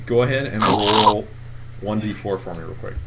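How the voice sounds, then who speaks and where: A man narrating a tabletop role-playing game as game master, describing scenes in a relaxed way with plenty of ums. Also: on the low side, moderate pace, crowd noise.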